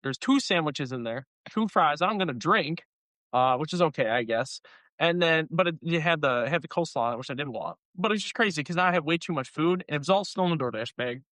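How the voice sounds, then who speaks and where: A young man on a podcast tells stories with animated, teasing energy. His voice sits a bit high for a man. The sound is close and dry. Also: fairly quick, no echo. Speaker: podcast co-host. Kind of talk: casual chat.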